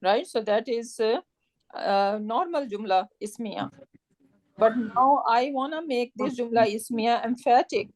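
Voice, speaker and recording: A woman teaching a live grammar class, explaining step by step and often checking with "right?", in a warm, encouraging tone. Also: fairly high pitch, unhurried. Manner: warm encouraging tone with religious phrases.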